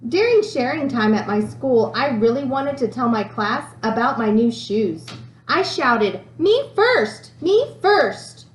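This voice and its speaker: A woman teacher giving a lesson and reading a picture book aloud with lively expression and frequent fillers. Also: fairly high pitch, measured pace. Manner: animated storyteller who reads with many fillers. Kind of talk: classroom read-aloud and lesson. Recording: echoey room.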